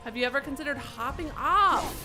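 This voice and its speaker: A woman streamer giving live gameplay commentary, excitable and swearing freely as she reacts loudly. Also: high-pitched, brisk. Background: game music.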